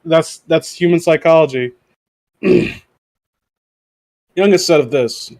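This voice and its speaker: A man hosting a casual podcast, reading aloud haltingly and joking around. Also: a little high, a little mellow, no echo. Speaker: podcast host.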